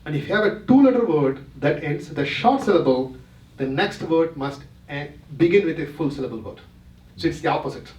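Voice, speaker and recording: A man's voice: fairly high pitch, animated, brisk, a little mellow. A man giving a talk to a retreat audience, explaining step by step and often checking that listeners follow along. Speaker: presenter. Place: retreat hall. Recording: roomy hall, mic from a distance.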